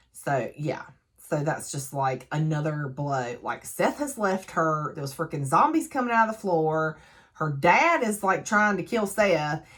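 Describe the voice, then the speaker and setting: A chatty woman gives a casual book recap with a lower-pitched voice. She talks in a lively, animated way, with plenty of fillers and frequent laughs. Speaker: book reviewer.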